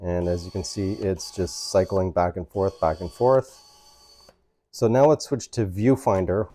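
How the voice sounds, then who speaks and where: Low, mellow man explaining step by step. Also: steady tone, measured pace. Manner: explains step by step, often checks in with "right?". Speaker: photography channel host. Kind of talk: casual camera tutorial demonstration. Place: indoors at home near a couch.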